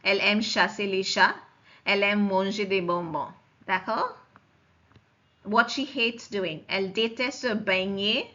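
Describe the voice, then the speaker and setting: A woman lectures as a French teacher, speaking slowly and patiently. She repeats each form and keeps checking that her students follow. Her voice is bright and the recording sounds muffled and lo-fi. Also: medium pitch. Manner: slow and explanatory, repeats forms and checks understanding. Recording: dull lo-fi recording.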